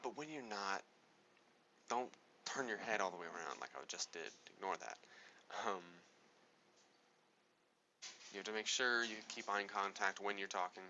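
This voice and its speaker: A man's voice: fairly low pitch, moderate pace, pushed and bright, muffled recording, a little hiss or hum. A man giving a casual spoken tutorial on speaking, rambling and correcting himself as he goes. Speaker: speaking coach.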